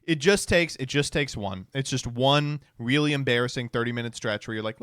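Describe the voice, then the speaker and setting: A man's voice: mid-range voice, brisk, fairly bright tone, clean tone, no echo, studio quality. A man streaming reaction commentary, sarcastic and swearing, laughing often.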